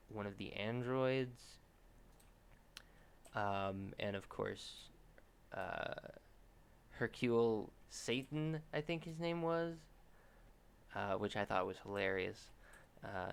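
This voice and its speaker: A man's voice: on the low side, vocal fry, clear, resonant tone. A young man streaming himself drawing, chatting casually and thinking aloud with lots of restarts. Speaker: artist streaming a drawing session. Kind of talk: casual commentary while drawing.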